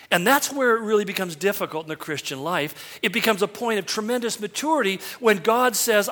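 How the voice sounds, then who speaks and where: High-voiced man preaching in a reverberant hall. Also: animated, normal speed, a bit bright. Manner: earnest preaching with quoted lines and rhetorical questions. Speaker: pastor. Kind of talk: sermon.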